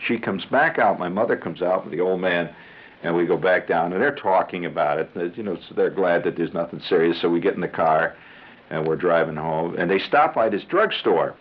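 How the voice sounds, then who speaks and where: A man's voice: low-pitched, expressive, brisk. A man telling a comic monologue on the radio in a rambling, conversational way with chuckling asides. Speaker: radio storyteller. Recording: tinny 1970s radio broadcast.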